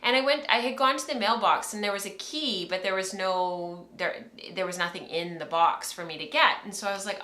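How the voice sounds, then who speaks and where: Chatty bright-voiced woman host. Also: medium pitch, a little fast, few pauses, roomy sound. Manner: chatty, rambling, laughs often. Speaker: podcast host. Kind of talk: casual livestream chat. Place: home, filming on camera.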